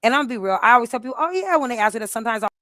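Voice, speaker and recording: A middle-aged woman hosting a live stream, telling a story in an animated, emphatic way with many restarts. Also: on the high side, racing. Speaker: host.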